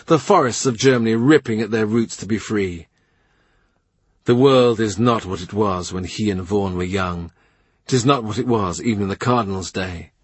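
A man narrating an audiobook in even, vivid storytelling. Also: lowish voice, husky, dry recording. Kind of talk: scripted literary narration.

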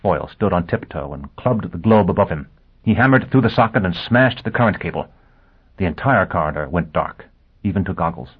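A man reading a novel aloud as narrator, in a steady, measured way. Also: deep voice, husky. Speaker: audiobook narrator. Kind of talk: scripted narration. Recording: tinny lo-fi phone-like audio.

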